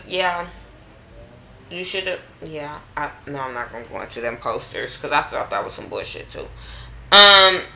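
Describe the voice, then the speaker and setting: Woman, low-pitched voice, bright and forceful, blunt exasperated show recap, roomy echo. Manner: blunt, profane, exasperated ranting. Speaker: reality TV recap vlogger. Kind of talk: casual opinionated recap.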